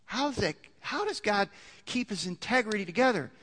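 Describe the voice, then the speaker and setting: A man's voice: sits high, lively intonation, moderate pace, fairly bright tone. A man preaching a sermon in a conversational way, often restarting his sentences and building to emphatic peaks. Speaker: pastor. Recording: long hall reverb.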